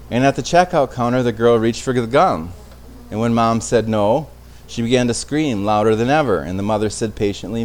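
The man's medium-pitched, slightly mellow voice moves a little fast with few pauses as he teaches a casual Bible study. He talks in a conversational way, often restarting phrases and checking in with listeners using tag questions.

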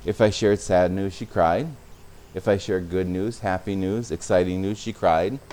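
A man's voice: deep voice, fairly even intonation, moderate pace, darkish tone. A man preaching a sermon as a pastor, speaking conversationally and sometimes repeating words.

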